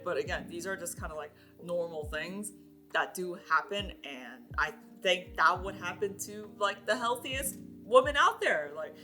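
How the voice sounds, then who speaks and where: Young woman, bright voice, chatty vlog talk, lots of fillers, laughs often, faint music behind. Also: medium pitch. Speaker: vlogger. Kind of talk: casual chat to camera.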